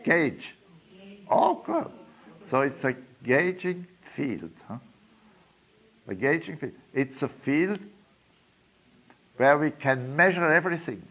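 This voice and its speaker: A man giving a lecture in a slow, deliberate way, pausing often with fillers. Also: a little high, big pitch swings, breathy edge. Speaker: teacher of a study course. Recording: dull lo-fi recording.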